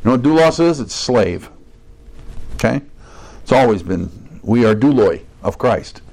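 A man preaching a sermon in a conversational way, putting questions to his listeners and slowing down to stress the verses he quotes. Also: medium pitch, expressive, darkish tone. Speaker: pastor.

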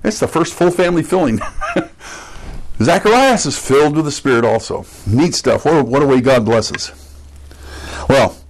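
A man teaching a sermon verse by verse, explaining word meanings and pausing to repeat key points. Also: mid-range voice, a little mellow, rough recording. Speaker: pastor.

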